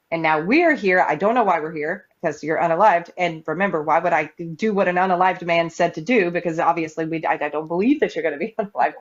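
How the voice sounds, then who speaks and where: Woman, mid-pitched voice, animated debate delivery, lo-fi sound. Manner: animated storytelling, acting out quoted voices. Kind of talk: live-stream debate. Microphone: live-stream mic. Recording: slightly dull lo-fi audio.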